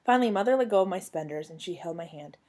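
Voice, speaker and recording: A young woman with a lowish voice talks fast while reading a children's book aloud on her couch at home. Her storytelling for a former student is vivid and animated.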